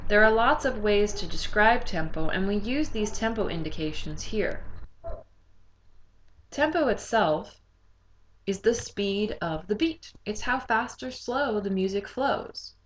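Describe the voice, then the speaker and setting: A woman teaching a recorded music lesson, explaining rhythm clearly and singing short phrases to demonstrate. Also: medium pitch, animated, measured pace, slight background noise, rough recording.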